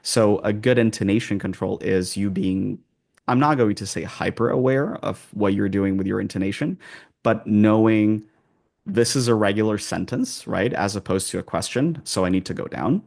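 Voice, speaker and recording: Guy coaching on accents, gravelly low voice, calm and slow to the point, lots of restarts. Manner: calm, measured, many pauses and restarts. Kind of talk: interview answers.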